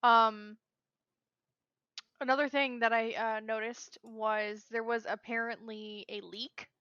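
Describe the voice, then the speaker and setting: A woman's voice: a little high, flat delivery, pushed and bright, clear, resonant tone, dry recording, muffled recording. A woman co-hosting a casual gaming podcast, chatty and frank. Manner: chatty, frank, quick to laugh. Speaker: podcast co-host. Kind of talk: casual chat.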